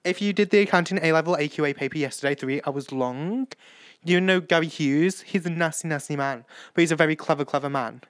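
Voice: medium pitch, a little fast, no echo, studio quality. A late-teen podcast host with a British accent, rambling through a casual solo catch-up in a chatty, self-mocking way. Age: late teens.

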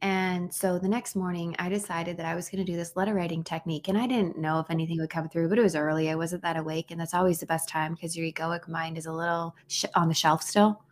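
A woman in her thirties shares a story on a podcast in an earnest, conversational way. Her voice sits on the low side, and she often restarts her sentences as she goes. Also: fairly even intonation, quick pace, few pauses. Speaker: podcast co-host. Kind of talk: casual heartfelt conversation.

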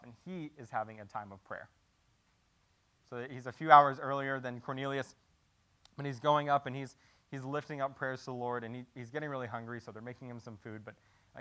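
A man's voice: mid-range voice, a bit bright. A man preaching a sermon in a conversational way, often restarting and repeating words and asking rhetorical questions. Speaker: pastor.

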